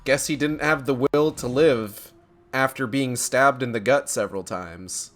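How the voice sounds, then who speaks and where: A man's voice: medium pitch, a little slow, a bit bright, soft background music. A man giving casual, sarcastic commentary while playing a horror game, swearing often. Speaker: gamer. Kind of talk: let's play commentary.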